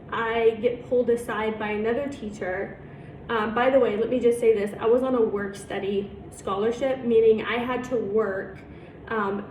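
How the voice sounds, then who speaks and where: A young woman with a fairly high voice retells a painful personal story to her viewers, acting out each exchange with rising emotion. She sits back from the mic in a roomy, echoing space. A faint hiss of noise runs underneath. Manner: emotional, animated retelling with dialogue reenacted. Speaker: vlogger telling her story. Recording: roomy echo, a bit far from mic, faint background noise.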